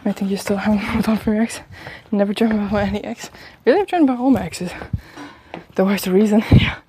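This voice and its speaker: A woman's voice: medium pitch, quick pace, mellow, slight background noise. A young woman live-streaming as she walks uphill outdoors, feeling sick and rambling through a story with laughs and swearing. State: sick, stuffy. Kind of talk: casual live-stream chat while walking. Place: outdoors walking uphill in a town.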